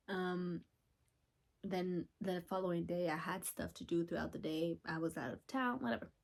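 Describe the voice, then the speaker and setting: A young woman hosting a podcast, chatting casually from home, gushing and chatty with sudden whispers and excited squeals. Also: medium pitch, slightly rough. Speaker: podcast host. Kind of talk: casual chat.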